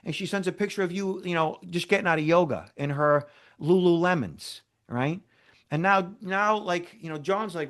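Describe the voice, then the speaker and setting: Man, cybersecurity guest, animated storyteller, slightly high voice, acts out dialogue. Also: normal speed. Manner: animated, acts out dialogue, checks in with "okay?" and "right?". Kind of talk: interview storytelling.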